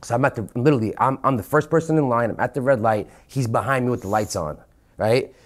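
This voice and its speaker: Fast-talking New York man telling stories. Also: medium pitch. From Queens, New York. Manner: animated, fast, heavy swearing, acts out quotes. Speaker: podcast guest. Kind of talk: casual storytelling.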